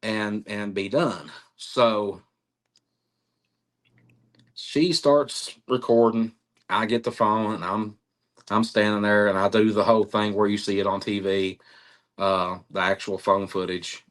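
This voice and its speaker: A middle-aged man in an interview, telling a story in an animated way, acting out quotes and laughing often. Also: lowish voice, slow pace. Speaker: interviewee, cryptid researcher.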